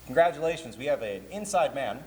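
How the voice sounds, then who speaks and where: A man's voice: mid-range voice, brisk. A man, a convention's programming director, giving a joking, chatty panel talk to a live audience. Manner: joking, chatty, lively with laughs. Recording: hall reverb, faint room noise.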